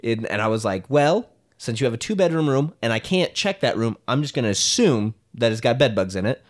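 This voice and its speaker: A man's voice: mid-range voice, big pitch swings, fairly quick. A young man co-hosting a podcast, telling rambling anecdotes full of fillers and laughing often in casual chat. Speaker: podcast co-host.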